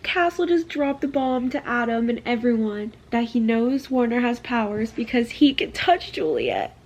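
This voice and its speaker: A young woman with a slightly high voice chats excitedly about the book she is reading, dropping into a soft reading voice for passages. A faint hiss of background noise sits under her casual vlog talk. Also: normal speed. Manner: gushing, excitable, reads quotes softly, laughs often. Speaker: book vlogger.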